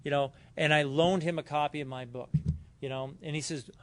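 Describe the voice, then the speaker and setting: A man's voice: on the high side, fairly even intonation, fairly quick, a bit bright. A man speaking at a recovery convention, telling personal stories casually with fillers and quoted dialogue. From Southern California. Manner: casual, storytelling with acted quotes and frequent fillers. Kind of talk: personal story talk at a convention. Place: hotel conference room.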